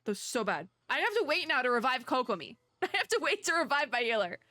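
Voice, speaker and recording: Young woman, let's play commentary, bright voice, animated, laughs often. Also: high-pitched, quick pace, dry recording. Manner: animated, laughing, talks to herself. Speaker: gaming YouTuber.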